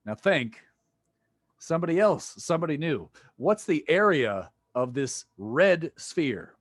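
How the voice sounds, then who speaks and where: A man's voice: on the high side, big pitch swings, unhurried, no room sound, clean studio sound. A man teaching a physics class over a video call, joking and quizzing his students. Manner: playful, jokey, quizzes students. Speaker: physics lecturer. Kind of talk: online lecture.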